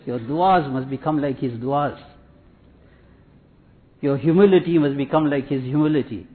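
Guy preaching, slow repeating lines, sounds like its thru a phone. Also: mid-range voice, narrow, tinny audio. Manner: measured, repetitive teaching cadence with Arabic and Urdu religious terms. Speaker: Islamic preacher. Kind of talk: sermon.

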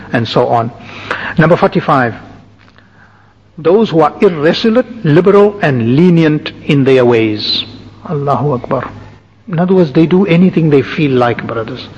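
Husky-voiced man preaching in a reverberant hall. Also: fairly high pitch, lively intonation, dull audio. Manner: measured lecturing with lists and asides. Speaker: religious teacher. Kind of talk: sermon.

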